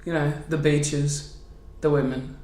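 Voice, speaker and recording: A man's voice: a little high, level tone, slow pace, darkish tone. A man hosting a podcast in casual chat, rambling through anecdotes with swearing and quoted asides. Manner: rambling, swearing, retells stories in quoted voices. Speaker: podcast host. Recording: echoey room.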